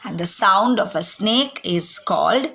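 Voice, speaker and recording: A woman's voice: mid-range voice, animated, a little slow, gravelly, a bit bright. A woman teaching young children, speaking in a sing-song way and imitating animal sounds.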